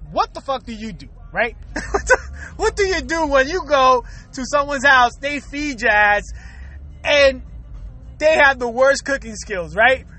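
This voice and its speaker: A man ranting to his viewers in a profane, comic vlog, laughing often and dropping into a lower voice to act out excuses. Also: sharp tone. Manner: laughs often, swears freely, mixes in Spanish; acts out quoted excuses in a lower voice. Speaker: vlogger. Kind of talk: profane comedic rant to camera.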